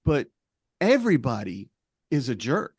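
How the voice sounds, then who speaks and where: Man, 40s, podcast host, animated storyteller, dry close sound. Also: mid-range voice, a little slow, husky, dry recording. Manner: animated, acts out quoted voices. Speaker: podcast host, stay-at-home dad. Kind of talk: casual podcast chat.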